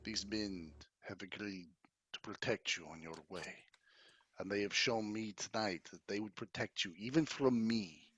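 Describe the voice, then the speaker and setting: A man voicing a smooth-talking undead vampire count who pleads in a courtly, hushed way, with music underneath. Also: lowish voice, measured pace, dull audio, slight background noise.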